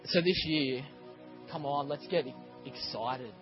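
A man preaching a sermon as a pastor, telling stories in a lively way and acting out scenes. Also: fairly high pitch, slow, dull audio, soft background music. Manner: animated storytelling, acts out scenes. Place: church.

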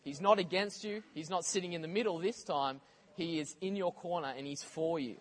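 Briskly and in a higher register, a man preaches an animated, conversational sermon sprinkled with casual comments to his congregation.

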